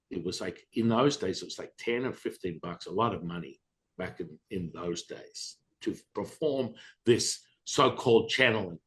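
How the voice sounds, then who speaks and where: A man who is a podcast guest, telling a story in conversation in a blunt, profane and animated way. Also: lowish voice.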